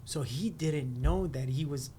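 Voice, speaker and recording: A man's voice: a little high, unhurried, warm tone, slight background noise. A man hosting a casual conversation, affirming the guest, summing up points and laughing along.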